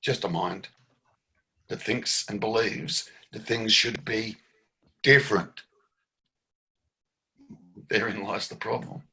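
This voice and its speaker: A man's voice: on the low side, slow pace, pauses often, bright, forceful tone. A man leading a satsang dialogue as a spiritual teacher, reflective and emphatic, often laughing, on a video call.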